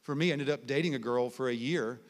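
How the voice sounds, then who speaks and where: A man preaching to a college crowd, telling lively conversational stories and dropping to soft, low tones for emphasis. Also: fast. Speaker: guest preacher. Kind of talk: sermon with personal stories. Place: large hall at a college ministry gathering. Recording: long hall reverb.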